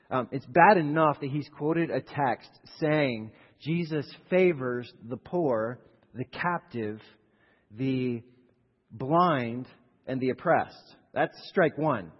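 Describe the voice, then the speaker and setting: Male pastor, storytelling sermon, husky tone, long hall echo. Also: medium pitch, dull audio. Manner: storytelling, acts out the characters.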